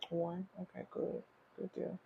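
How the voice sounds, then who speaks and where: A woman hosts a casual livestream, welcoming viewers as they drop in. Her voice sits low and carries a gravelly fry. A faint noise hums under the phone recording. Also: monotone, measured pace, muffled recording. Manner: chatty, welcoming viewers with repeated greetings. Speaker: feminine leadership strategist, livestream host.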